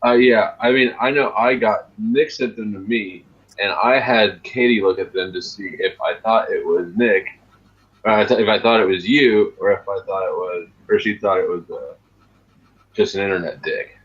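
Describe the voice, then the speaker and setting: A man's voice: fairly low pitch, moderate pace, slightly rough. A man co-hosting a podcast, trading crude, teasing jokes in casual chat. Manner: teasing, crude joking banter. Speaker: podcast co-host. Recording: dull lo-fi sound.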